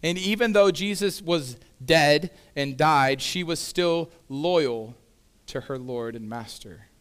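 A man's voice: on the high side, slow pace, smooth. A male pastor delivering a sermon in a conversational, casual way, with frequent asides to the congregation.

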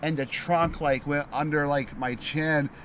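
A man's voice: a little high, steady tone, unhurried, fairly bright tone, a little hiss or hum. A man in a casual podcast chat telling a rambling, profanity-filled story full of "like". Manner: rambling, swearing, many likes. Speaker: podcast guest.

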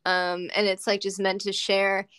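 A woman's voice: mid-range voice, completely flat delivery, unhurried, a bit bright, smooth, no room sound. A woman co-hosting a podcast, chatting casually and animatedly with lots of giggles, fillers and swearing. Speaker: podcast co-host. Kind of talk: casual chat.

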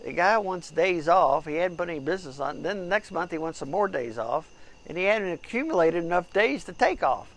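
A man's voice: high voice, animated, brisk, a bit bright, low-quality recording. A middle-aged man co-hosting a casual outdoor chat show, telling rambling stories full of restarts. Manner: rambling storyteller with frequent restarts. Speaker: podcast co-host. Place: outdoors at night by a fire.

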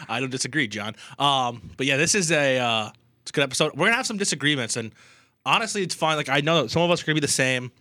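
A man's voice: mid-range voice, animated, fast, sharp tone, no echo, clean studio sound. A man co-hosting a casual sports podcast, playful and chatty. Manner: playful, recites rhyming poem with gusto. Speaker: podcast co-host.

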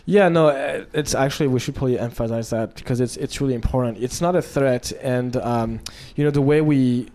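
A man with a warm, mellow voice talks through his ideas in a relaxed interview. He pauses and restarts often as he thinks aloud. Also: medium pitch, slight background noise. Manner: thoughtful, hesitant, with frequent restarts. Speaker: studio founder. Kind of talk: casual interview conversation.

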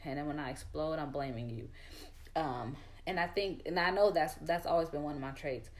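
A woman's voice: deep voice, normal speed. A young woman in a casual chat, talking candidly and full of fillers as she tells her own story.

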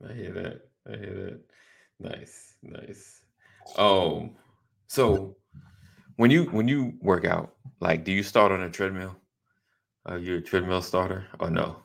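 A middle-aged man hosts a casual talk show with a very low, gravelly voice. He sounds a little husky and keeps things upbeat, laughing easily and repeating his greetings. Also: slow, long pauses. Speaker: podcast host.

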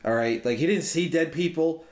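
His voice sits on the high side and moves at a moderate pace. As a podcast co-host in casual chat with friends, he rambles through a long story, swearing freely and staying loose; the room echoes noticeably.

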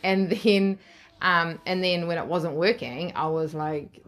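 NZ woman, thirties, interview guest; blunt, giggly, low-pitched. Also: steady tone, unhurried. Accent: New Zealand. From New Zealand. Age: 30s. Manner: frank and laughing, swears freely. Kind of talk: candid storytelling.

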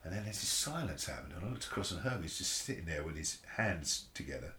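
A man, a bass player telling a story in a casual interview, animated and swearing freely, acting out the voices of others. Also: fast. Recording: roomy echo.

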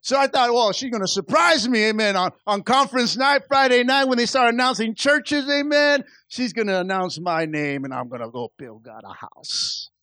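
A male pastor preaching a sermon at a church service, animated and acting out the voices he quotes. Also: very high-pitched, normal speed, hardly any pauses, no room sound.

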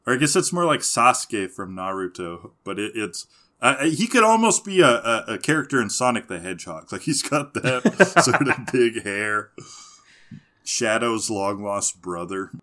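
A man's voice: fairly low pitch, big pitch swings, normal speed, pushed and bright. A man co-hosting a casual podcast, recapping cartoon episodes, laughing often and mimicking characters in mocking voices. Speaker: podcast co-host.

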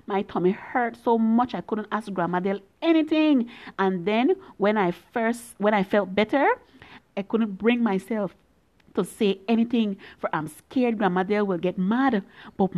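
A woman's voice: mid-range voice, lo-fi sound. A woman reading a story in a young girl's voice, full of earnest, pleading questions to her mother. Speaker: reader.

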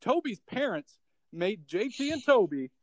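A man's voice: high voice, very animated, unhurried, dry recording, low-quality recording. A man co-hosting a casual comedy podcast, recapping a TV episode, often laughing and swearing.

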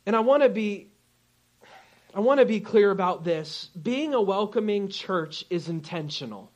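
A man's voice: high voice, normal speed. A man preaching a sermon as pastor, telling a personal story and acting out the people in it. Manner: animated storyteller, acts out quoted people.

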